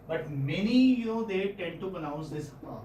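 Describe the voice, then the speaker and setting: A man's voice: sits high, lively intonation, dark tone, reverberant, slight background noise. Man, indian english accent, classroom lecture, repeats words, faint room ambience, distant mic. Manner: questions the students, repeats words slowly. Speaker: English phonetics teacher.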